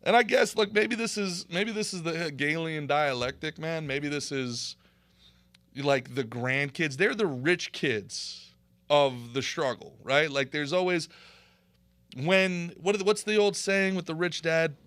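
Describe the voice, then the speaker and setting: A man hosting a podcast, talking casually in an animated, opinionated way. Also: a little high, unhurried, dry recording. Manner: animated, opinionated ranting with laughs. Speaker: podcast host and comedian.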